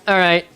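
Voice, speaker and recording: A woman streaming a game, chatting casually with excitable, rambling talk and frequent swearing. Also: mid-range voice. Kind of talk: casual live-stream commentary.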